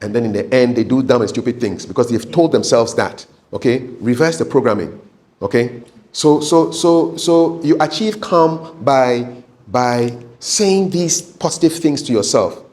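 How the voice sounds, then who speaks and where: A man's voice: mid-range voice, measured pace, a little mellow. A man teaching public speaking tips in a casual, repetitive way, often ending points with okay. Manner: repeats words, frequent okay tags, chuckles. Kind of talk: casual talking-head lesson.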